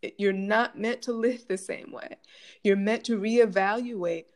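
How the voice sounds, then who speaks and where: A woman's voice: mid-range voice, fairly even intonation, a little slow. A middle-aged woman educator answering audience questions in a reflective, impassioned way, full of rhetorical questions. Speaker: guest speaker, college educator. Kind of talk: conversational Q&A answers.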